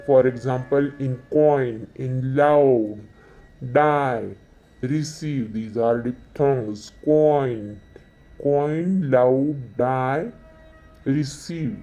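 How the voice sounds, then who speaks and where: A man giving a slow exam-revision lesson, repeating each definition several times. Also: mid-range voice, mellow. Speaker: teacher.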